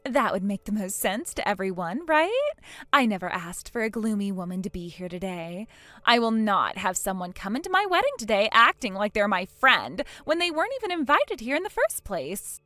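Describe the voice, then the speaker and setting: A woman's voice: medium pitch, big pitch swings, normal speed, sharp tone, no echo, soft background music. A woman voicing an arrogant young bride who mocks and dismisses her old friend. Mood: haughty. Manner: sneering and haughty, breaking into mocking laughs. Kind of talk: dramatized text-message story.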